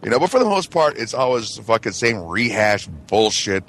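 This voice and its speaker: A man's voice: mid-range voice, big pitch swings, a little fast, a bit bright. Swearing, mocking man on a radio chat. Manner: emphatic, swearing, mocking impressions. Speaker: radio show co-host. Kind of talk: casual profane chat.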